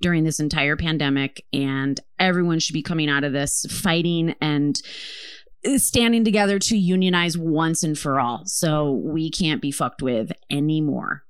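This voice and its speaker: A woman co-hosting a podcast, chatting casually with impassioned, profane, animated storytelling. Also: sits low, moderate pace, clear, resonant tone, no echo, studio quality. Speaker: podcast co-host. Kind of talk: casual chat.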